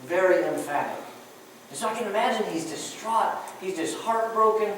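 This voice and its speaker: A woman preacher giving a sermon, telling the story in an animated way with many restarts. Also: medium pitch, moderate pace, slight background noise. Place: church sanctuary. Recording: echoey church hall, mic far off.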